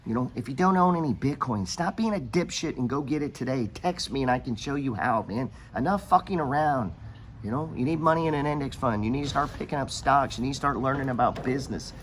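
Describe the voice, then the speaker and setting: A man's voice: medium pitch, expressive, a little fast, slight background noise. A middle-aged American man hosting a podcast, giving money advice in a blunt, profane, rambling motivational rant. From United States.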